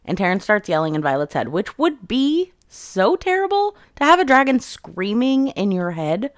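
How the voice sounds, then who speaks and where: A woman's voice: mid-range voice, big pitch swings, normal speed, no echo, clean studio sound. A woman hosting a book channel, casually recapping chapters and retelling scenes in quoted voices.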